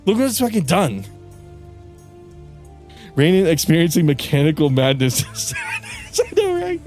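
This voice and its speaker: Young man, streamer, profane frustrated rant, high-pitched, animated delivery. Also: a little slow, faint music behind. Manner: frustrated, profane ranting with bursts of yelling and laughter. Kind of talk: casual livestream rant.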